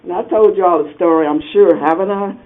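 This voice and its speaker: A man teaching a lively Sunday school Bible class, quizzing the group and laughing often. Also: high-pitched, a little fast. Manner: animated, asks the class questions and laughs often. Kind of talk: interactive Bible lesson. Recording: tinny phone-like sound.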